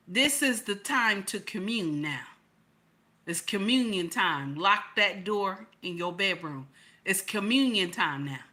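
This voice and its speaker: A woman's voice: mid-range voice, pushed and bright. A woman hosting a livestream, preaching in a blunt, colloquial way. She repeats her points and fires off rhetorical questions. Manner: emphatic, repeats lines and asks rhetorical questions. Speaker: livestream host.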